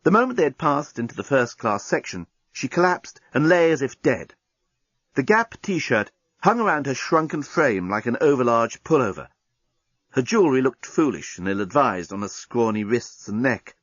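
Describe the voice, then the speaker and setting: A husky man reads a comic novel aloud with a wildly animated lilt. His voice sits mid-pitch. The recording is dull and dry. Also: normal speed, dry recording. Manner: lively comic storytelling. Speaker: audiobook narrator. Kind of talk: scripted narration.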